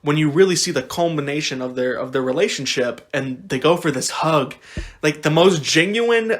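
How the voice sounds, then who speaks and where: A young man co-hosting a podcast, chatting casually in an animated way, rambling with frequent restarts. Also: on the high side, normal speed. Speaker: podcast co-host. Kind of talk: casual chat.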